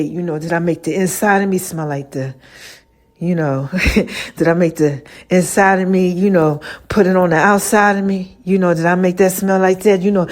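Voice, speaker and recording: A woman's voice: on the low side, a little mellow. A woman speaking, hosting a podcast as a casual monologue, slangy and playful, often laughing. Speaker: podcast host.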